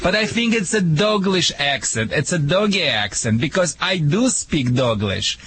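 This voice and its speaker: A man's voice: fairly high pitch, lively intonation, moderate pace, fairly bright tone, slightly rough, dry recording. A man from Russia with a Russian accent, co-hosting a radio show as a dog trainer, joking and playful in broken English with many restarts. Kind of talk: casual radio chat.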